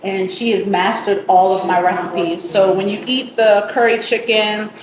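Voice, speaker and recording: A woman's voice: medium pitch, steady tone, measured pace. A woman from the Bronx, a restaurant owner and cook, talking casually and proudly about her food in her restaurant, with many ums. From the Bronx, New York. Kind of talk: casual interview. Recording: echoey room with background noise.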